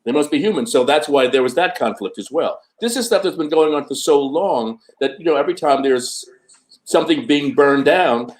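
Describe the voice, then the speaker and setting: A man in his seventies in casual panel conversation, thoughtful and measured with hesitant fillers. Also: on the high side, expressive. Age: 70s. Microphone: video call.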